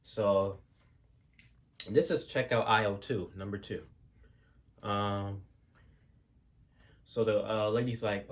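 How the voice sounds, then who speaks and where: Low-voiced man casually rambling stories. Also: steady tone, takes it slowly, pauses often. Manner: rambling, with many fillers and restarts, casual slang. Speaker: storyteller. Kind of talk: casual spoken storytelling.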